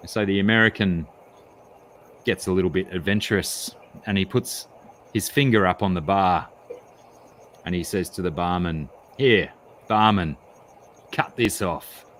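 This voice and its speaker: A man with a very low, rumbling voice spins out a joke with deliberate pacing. He talks casually, as if among friends on a stream. A faint background hum is audible. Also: steady tone, fairly bright tone. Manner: drawn-out, deliberate storytelling. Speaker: stream guest. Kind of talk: casual chat and joke telling.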